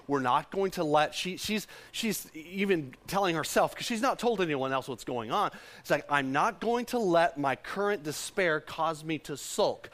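A man's voice: a little high, a bit bright. A man preaching a sermon, repeating lines for the congregation to echo back. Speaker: pastor.

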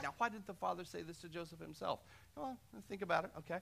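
High, bright-voiced pastor preaching a sermon. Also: male voice, animated, brisk, creaky. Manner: impassioned preaching, swinging between loud emphasis and quiet asides.

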